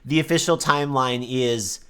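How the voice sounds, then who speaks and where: A woman's voice: a bass voice, normal speed, fairly bright tone, clean tone. A woman streaming a game with friends, casual let's-play chat that is giggly and full of swearing. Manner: giggly, swearing, talks over herself.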